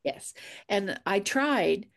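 This author's mid-range voice is gravelly and animated, yet she speaks extremely slowly. Chatting casually about her books, she acts out quoted dialogue while telling a story.

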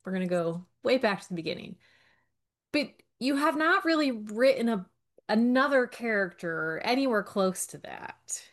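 A woman's voice: on the high side, expressive, moderate pace. Teasing woman hosting a chat. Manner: teasing, gives lots of little agreeing noises. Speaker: podcast host. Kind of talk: casual chat.

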